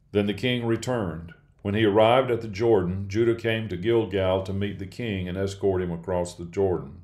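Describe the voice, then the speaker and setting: Man reading scripture, low voice. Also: steady tone, normal speed, hardly any pauses, dark tone. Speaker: scripture reader. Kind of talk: Bible reading.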